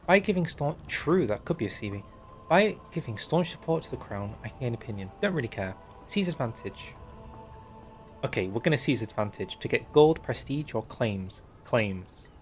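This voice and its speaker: A young man streaming and talking over a strategy game, chatty and wry, reading in-game text aloud. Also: medium pitch. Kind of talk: game livestream commentary.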